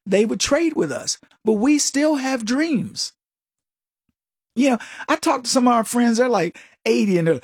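An older male host with a high, husky voice, recorded dry and close. He gives casual, mocking commentary and laughs a lot between points. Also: normal speed, no echo. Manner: animated, laughs often, mocking. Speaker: talk show host.

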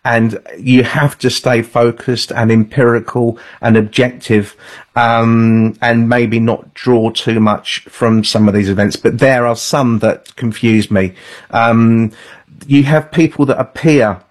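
A man's voice: mid-range voice, fairly even intonation, slow. A man, an author guesting on a call-in radio show, telling stories in an earnest, anecdotal way.

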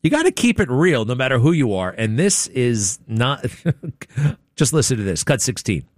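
A man's voice: medium pitch, very animated, normal speed, no room sound, clean studio sound. A man hosting a talk radio show, rambling through opinionated commentary with mocking, sarcastic asides.

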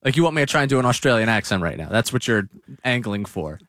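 A man hosting a sports radio show, leading the segments with quick, joking banter. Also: medium pitch, very animated, a bit bright, dry recording, clean studio sound.

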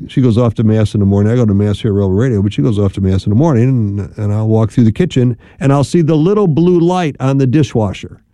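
A middle-aged man hosting a radio talk show, counseling couples in a chatty, rambling way with animated asides. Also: medium pitch, no room sound. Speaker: radio host and marriage counselor.

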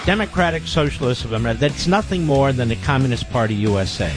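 A man's voice: medium pitch, expressive, fast talker, over music. A man in a talk radio clip, speaking in an emphatic, combative way.

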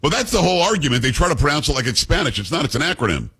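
Fast, animated husky talk-radio host. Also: male voice, fairly high pitch. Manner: animated, opinionated storytelling. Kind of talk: casual talk radio banter.

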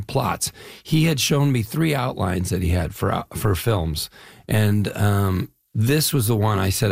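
A man's voice: mid-range voice, gravelly, no room sound, clean studio sound. A middle-aged man from the Chicago area, an actor telling rambling stories in a casual interview. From Chicago area, Midwest US. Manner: animated, rambling storyteller. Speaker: actor guest.

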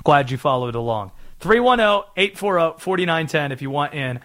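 A man's voice: on the high side, animated, normal speed, a bit bright. A man from North Carolina hosting a sports talk radio show, talking in a chatty, explaining way.

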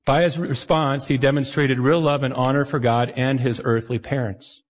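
A man's voice: medium pitch, fairly even intonation, normal speed, big-room sound. A man preaching a sermon as pastor, in a conversational way, acting out the voices he quotes.

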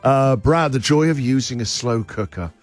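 A man's voice: mid-range voice, normal speed. Chatty middle-aged male radio host. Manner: chatty, jokey, reads listener messages. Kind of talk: casual radio chat.

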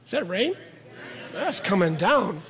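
A middle-aged man preaching a sermon in a conversational way, repeating words for emphasis and slowing down on key words. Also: high-pitched, big pitch swings, a bit bright. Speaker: pastor.

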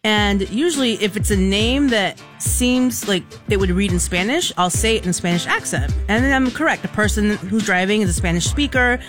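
A woman's voice: mid-range voice, moderate pace, few pauses, faint music behind. A woman co-hosting a radio show, telling casual stories and acting out the dialogue in them. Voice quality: animated storyteller acting out dialogue. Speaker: radio co-host. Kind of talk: casual radio chat, storytelling. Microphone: studio microphone.

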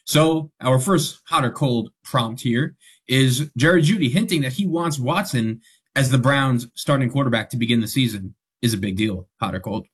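A male radio producer with a husky voice and a mid pitch. He reads out a topic prompt in a steady, informative way. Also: moderate pace. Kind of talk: reading a segment prompt.

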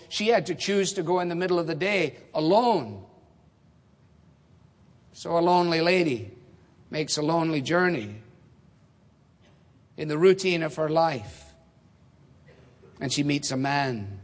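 A man preaching in a large church hall, his voice carrying a long reverb. He talks in a measured, emphatic way, pausing on rhetorical questions. His voice sits a little high for a man. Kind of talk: expository sermon.

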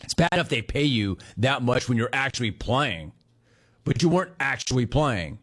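A man's voice: medium pitch, expressive, normal speed, a bit bright, slightly rough. A middle-aged man hosting a sports talk show, ranting in a heated, sarcastic way. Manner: sarcastic, heated, mocks the player in put-on voices. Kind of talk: sports radio rant.

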